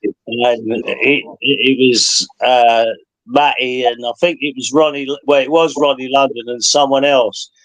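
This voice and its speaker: A man's voice: medium pitch, steady tone, a little slow, a bit bright, dry recording, low-quality recording. A man hosting a live chat panel, talking in an easygoing, conversational way. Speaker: host. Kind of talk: casual chat.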